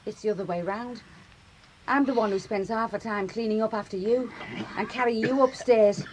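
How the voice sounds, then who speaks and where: An actress playing a blunt, determined young war widow from Liverpool, in a radio drama. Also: female voice, a little high, moderate pace, a little hiss or hum, natural voice, poor audio. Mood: bitter. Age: young adult. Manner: plain, blunt, quietly determined.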